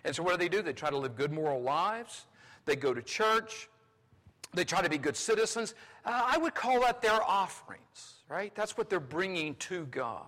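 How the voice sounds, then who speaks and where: A male pastor from North Carolina preaching a sermon, swinging between loud exclamations and hushed asides. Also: sits high, sing-song, moderate pace. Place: large church sanctuary. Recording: long hall reverb.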